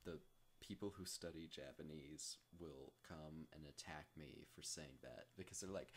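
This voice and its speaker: A man casually rambling through a software tutorial, self-deprecating and full of jokey asides. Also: rumbling low, normal speed, slightly rough. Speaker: tutorial host.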